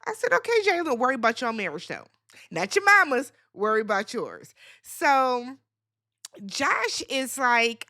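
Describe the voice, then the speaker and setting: Sassy lady recapping a reality show, high bright voice, talks like AAVE, lots of laughs and cussing. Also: measured pace. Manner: animated, sassy, laughing asides, swears freely. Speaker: recap host.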